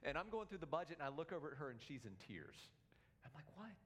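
Earnest, slightly high-voiced male preacher. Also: sing-song, fast talker, fairly bright tone. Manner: earnest, emphatic, repeats words. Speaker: pastor. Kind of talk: sermon.

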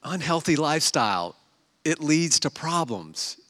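A man's voice: on the high side, big pitch swings, measured pace, a bit bright. Conversational man preaching in a reverberant hall. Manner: conversational, storytelling with acted quotes. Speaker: pastor. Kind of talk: sermon.

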